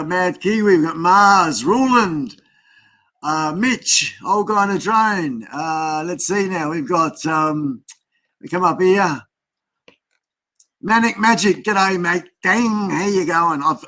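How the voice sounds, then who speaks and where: An Australian man with a somewhat high voice hosts a casual live stream from his computer. He rambles and talks half to himself as he fiddles with his gear, full of easygoing chatter. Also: sharp tone. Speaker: livestream host.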